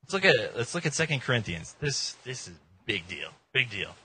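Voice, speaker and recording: A man preaching a casual, joking sermon in an informal, animated way. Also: medium pitch, moderate pace, few pauses, slightly rough. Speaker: pastor.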